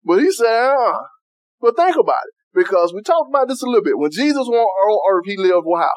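A man's voice: high-pitched, very animated, a little fast, darkish tone, dry recording. A man preaching a sermon in a loose, conversational style, reading scripture and retelling it in everyday Southern vernacular.

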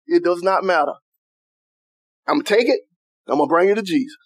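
A man preaching a sermon as pastor, who keeps asking the congregation if they are with him and softens his voice to act out quoted prayers. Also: sits high, lively intonation, moderate pace, dry recording, clean studio sound. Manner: call-and-response preaching, asks "are you with me?".

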